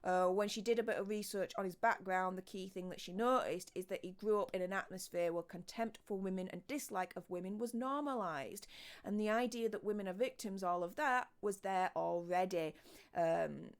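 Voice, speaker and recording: A woman's voice: mid-range voice, normal speed. A woman, hosting a true crime video in casual, emphatic explainer chat full of ums and restarts. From Yorkshire, England.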